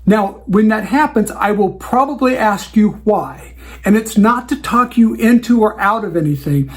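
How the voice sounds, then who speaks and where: A man with a high-pitched, animated voice hosts a show for wedding DJs, speaking at a moderate pace. He gives client advice in a casual, conversational way, acting out the dialogue he has with clients.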